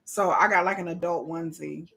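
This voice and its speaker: Bright-voiced chatty woman commentator. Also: on the low side, brisk, gravelly. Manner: chatty, laughing, animated asides to viewers. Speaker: reality show commentator. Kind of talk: live watch-party commentary.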